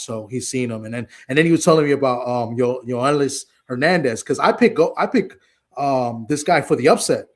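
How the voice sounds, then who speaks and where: A man co-hosting a casual live stream, retelling a conversation with lots of restarts and quoted asides. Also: medium pitch. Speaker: co-host.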